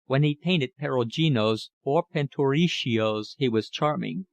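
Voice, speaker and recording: A man's voice: mid-range voice, measured pace, vocal fry, no room sound. A man reading the part of an aggressive, scornful young male art student in an audiobook. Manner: scornful, heated.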